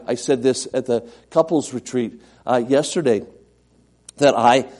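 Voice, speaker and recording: A middle-aged man preaching a sermon as pastor, earnest, repeating himself and moving between loud and soft delivery. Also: mid-range voice.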